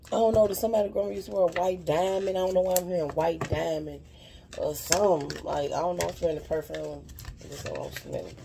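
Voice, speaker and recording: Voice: mid-range voice, fairly even intonation, quick pace, vocal fry, noisy background. A spiritual advisor giving a casual card reading straight to viewers, earnest and rambling, often repeating "you know what I'm saying.". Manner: earnest and heartfelt, speaking directly to viewers.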